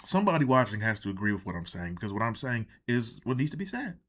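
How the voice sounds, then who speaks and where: A man's voice: fairly low pitch, sing-song, fast, a bit bright. A man reviewing a wrestling show in a profane, indignant reaction rant. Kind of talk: ranting reaction commentary.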